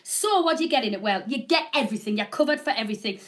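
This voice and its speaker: A woman's voice: a little high, expressive, rapid-fire. A middle-aged woman hosting a live shopping channel, rambling and chatting casually with viewers. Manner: chatty, rambling, self-deprecating. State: having a hot flush. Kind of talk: live selling chat.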